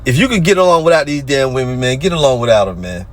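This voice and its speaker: A man's voice: mid-range voice, sing-song, fast talker. A man, ranting in a casual monologue and reading scripture aloud between mocking remarks. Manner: rants and mocks, reads verses aloud. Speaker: religious group commentator.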